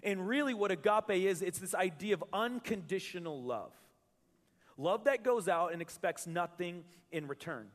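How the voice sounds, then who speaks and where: A man's voice: high-pitched, lively intonation, moderate pace. A male pastor preaching a sermon to his congregation in a conversational, joking way, often restarting his words. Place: church hall with a live congregation. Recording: reverberant church hall.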